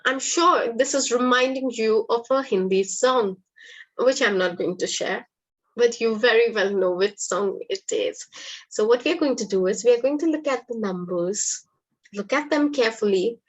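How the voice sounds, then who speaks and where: Woman online teacher, raised pitch, upbeat and coaxing audience answers. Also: moderate pace. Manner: upbeat, encouraging, quizzes the audience. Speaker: English teacher hosting a webinar. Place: online webinar.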